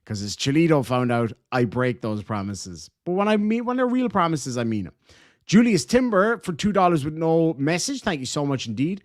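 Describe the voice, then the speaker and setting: Animated man reading chats. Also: on the high side. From Ireland. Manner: animated, swearing, quick thank-yous. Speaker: livestreamer reading super chats. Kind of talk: casual livestream chat.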